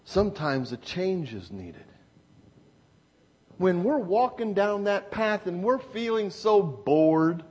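A preacher with a strikingly high voice delivers his sermon at an unhurried, deliberate pace. He drives points home through repetition, rising to loud exclamations and then dropping to hushed asides. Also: very animated, slightly rough. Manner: emphatic preaching with repeated phrases.

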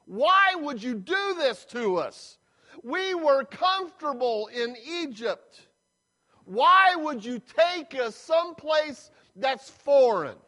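A man's voice: very high-pitched, sing-song, takes it slowly, pushed and bright, voice pushed up, full character voice. A man voicing complaining Israelites in the desert, whiny and accusing. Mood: whining. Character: complaining crowd of wandering Israelites.

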